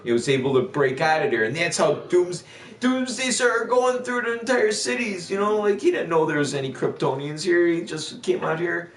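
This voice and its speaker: A man's voice: high-pitched, moderate pace, roomy sound. A man chatting casually on a gaming livestream, rambling through a profane rant with lots of restarts and fillers. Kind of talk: casual chat while streaming.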